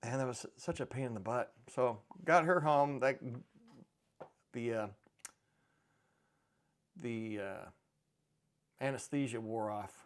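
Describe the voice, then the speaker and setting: A man's voice: mid-range voice, slow pace, long pauses. A middle-aged man hosting a channel on precious metals, chatting casually and rambling with dry, offhand humor. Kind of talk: casual chat to camera.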